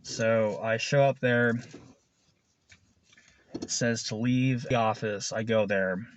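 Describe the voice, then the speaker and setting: A man's voice: medium pitch, steady tone, slow, slight background noise. A man who works as a food delivery driver telling a story in a casual, rambling way, swearing often and chuckling between lines. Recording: dull lo-fi recording.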